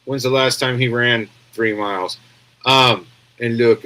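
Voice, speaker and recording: A man's voice: medium pitch, steady tone, unhurried, bright, forceful tone, poor audio. An American man giving casual live-stream news commentary, rambling and sarcastic, reading viewer comments aloud from home.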